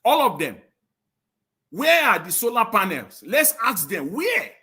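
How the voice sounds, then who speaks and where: A man argues hard as a panelist on a live stream. His voice is bright and cutting, and he pitches slightly high for a man, pushing each point with emphatic, indignant questions. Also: very animated, a little slow. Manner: impassioned and indignant, with rising, emphatic rhetorical questions.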